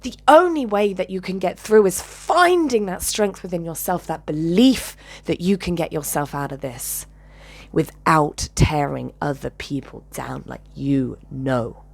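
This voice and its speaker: A woman's voice: sits low, measured pace, creaky. A woman telling a personal story to her channel with intensity, swearing and dropping into whispers. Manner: intense, swings between loud and whispered, swears. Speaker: channel host.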